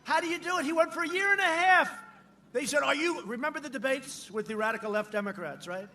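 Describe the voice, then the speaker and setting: A man giving a campaign rally speech at a podium microphone, mocking and repetitive, shouting lines out to the crowd. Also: very high-pitched, fast, slight background noise. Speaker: politician addressing a rally crowd. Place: large outdoor rally.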